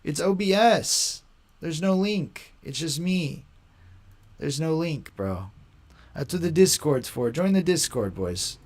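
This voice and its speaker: A young man hosting a casual live stream, talking in a slangy, rambling way and quick to mock. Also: on the high side, darkish tone. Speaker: livestream host.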